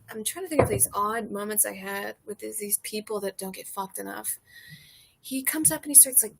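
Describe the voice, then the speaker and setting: A woman's voice: medium pitch, breathy edge. A woman comedian in casual chat, telling candid, profane stories full of fillers, recorded outdoors on a porch.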